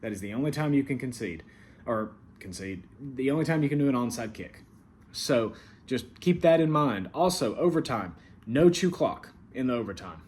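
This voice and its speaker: With a country Southern accent, the show host and league commissioner gives his weekly recap at normal speed, his mid-range voice a little mellow with lively intonation. He's casual and full of fillers but stern on the rules, and a faint hiss or hum runs underneath.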